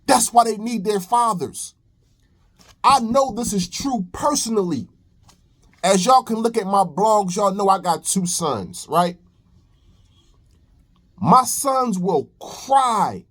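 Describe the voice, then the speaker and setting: A man's voice: sits high, expressive, slow pace, long pauses, a bit bright. A young man commenting on a reaction video in a preachy, emphatic way, repeating phrases. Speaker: commentary host.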